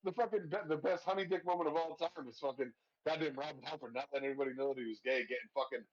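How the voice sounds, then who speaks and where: A man's voice: a little high, very fast, muffled recording. Rambling, profane man talking movies. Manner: profane, rambling, laughs a lot. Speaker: podcast host. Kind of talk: casual movie discussion.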